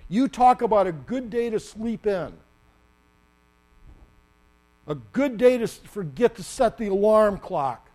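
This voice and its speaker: A man preaching a sermon, animated and acting out the story with sudden loud bursts. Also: sits high, unhurried, pauses often.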